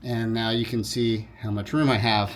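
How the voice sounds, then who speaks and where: A man's voice: lowish voice, flat delivery, moderate pace, noisy background. Casual man explaining a repair job. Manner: informal, self-correcting, apologetic asides. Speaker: DIY repair video host. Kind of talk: casual how-to narration.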